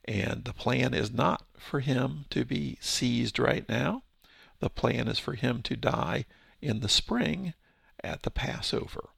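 A man's voice: medium pitch, animated, takes it slowly, creaky, fairly bright tone, slightly rough, dry recording. A man giving a casual verse-by-verse Bible teaching, explaining with rhetorical questions and his own paraphrases.

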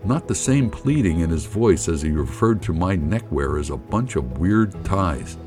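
A middle-aged man telling a personal story in an animated, colloquial, jokey way. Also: low-pitched, normal speed, soft background music. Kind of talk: personal anecdote narration.

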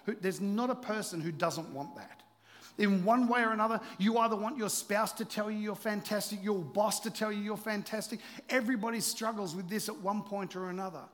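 Pastor guy with a high voice, preaching to his church, lots of echo in the hall. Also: fairly quick. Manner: animated, joking preacher who drops to a hushed voice for emphasis. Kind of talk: sermon. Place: church auditorium.

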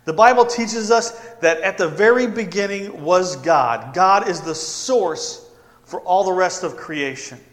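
A man preaching a sermon, stressing key words by repeating them and slowing down. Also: high voice, fairly bright tone, long reverb tail. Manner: emphatic repetition, slowing for stress. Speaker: pastor.

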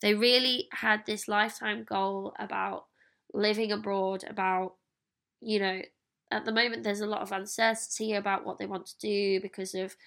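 A woman speaks in a candid, earnest solo podcast reflection. Her voice is bright and forward, with a gravelly fry at the ends of phrases. She sits at a middle pitch for a woman. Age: 30s. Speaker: podcast host.

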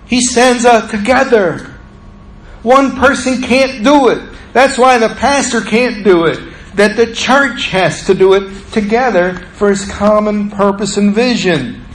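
High-voiced man preaching a sermon. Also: low-quality recording. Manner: preaching with emphatic rises and hushed low drops. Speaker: pastor.

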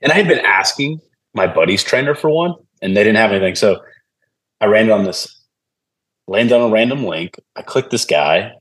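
A man's voice: on the low side, normal speed. A man, a podcast guest, telling stories in a casual chat and acting out the voices of people he quotes. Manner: animated, acts out quoted voices.

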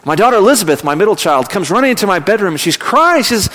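A man's voice: high-pitched, very animated, fast, few pauses. A man in his thirties, a pastor, preaching a sermon and telling a family story, sometimes raising his voice. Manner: storytelling, rising to loud acted yelling in anecdotes. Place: church sanctuary. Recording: long hall reverb.

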